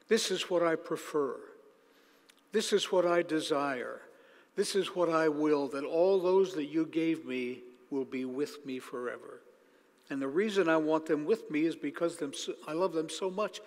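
Male preacher, fairly high voice, deliberate and emphatic, long reverb of a big hall. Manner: emphatic, slows down to stress key phrases. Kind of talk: sermon.

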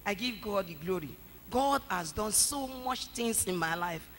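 A woman's voice: medium pitch, animated, a little slow, fairly bright tone, slight background noise. A woman animatedly telling her testimony in church. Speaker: church member giving testimony. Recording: long church reverb, faint ambience.

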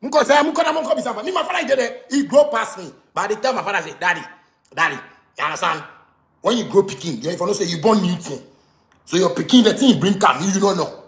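A Ghanaian man rants on a live stream in a very high, gravelly voice, often shouting. His words bounce around an echoey room. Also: animated, fast talker. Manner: ranting, switching between Twi and pidgin, shouting often. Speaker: musician speaking to fans. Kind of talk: animated live-stream rant.

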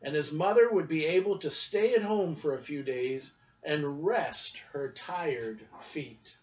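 A man reading a children's story aloud at a church story time, in an expressive storytelling manner. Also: a little high, takes it slowly, recorded from a distance, low-quality recording.

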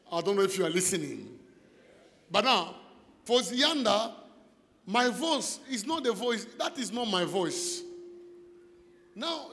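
High-pitched male pastor with broken English, shouts and direct questions, echoing church hall. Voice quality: non-native English with broken grammar. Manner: preaching with sudden shouted calls and repeated questions to the listener. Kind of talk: deliverance sermon.

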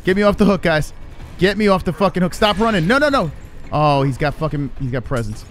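A man giving live commentary on his own gameplay, swearing and reacting in excitable panic. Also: high-pitched, a little fast, slight background noise. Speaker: streamer.

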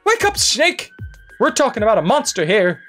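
A man voicing an excitable young male scientist, reading his lines in a high, gushing voice during a game stream. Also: normal speed, soft background music, full character voice. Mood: excited. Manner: shrill, gushing.

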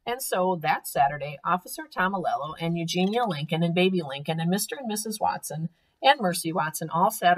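Woman, teacher, children's story read-aloud, low pitch, husky. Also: low-quality recording. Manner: clear, expressive storytelling.

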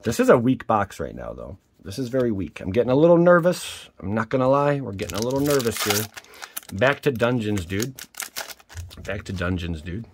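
A man hosting his own channel, giving casual, excitable commentary while opening card packs and exclaiming at each pull. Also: mid-range voice, fairly quick, few pauses, background noise. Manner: peppers speech with mild swears.

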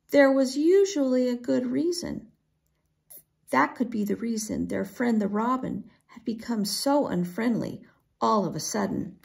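A woman reading a children's chapter book aloud, expressive and unhurried. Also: on the high side, gravelly. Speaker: storybook reader. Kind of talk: children's read-aloud narration.

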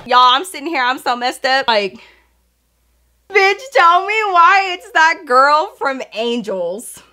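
A young adult woman telling an embarrassing story in a casual, animated way, full of slang and swearing and talking straight to her listeners. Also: sits high, takes it slowly, slight background noise.

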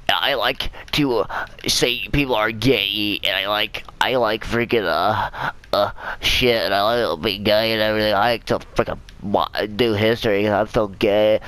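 A man doing a silly young troll boy who stutters and trips over his own words. The voice sits low and comes out smooth and resonant, goofy rather than menacing, like a gamer clowning during his playthrough. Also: a bit bright, natural voice, rough recording. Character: stammering goofy young male internet troll.

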